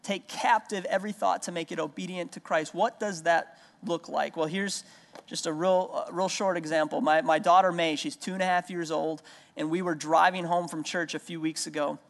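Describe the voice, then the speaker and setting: High-voiced pastor preaching in a reverberant hall. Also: male voice, fairly even intonation, moderate pace, gravelly, a bit bright. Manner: earnest, repeats key lines for emphasis; storytelling with everyday anecdotes. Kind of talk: sermon.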